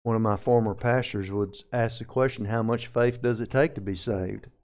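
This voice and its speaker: Southern preacher guy breaking down greek grammar slow and methodical, smooth clear voice. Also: mid-range voice, fairly even intonation, a little mellow. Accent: Southern American. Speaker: pastor. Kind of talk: verse-by-verse Bible teaching.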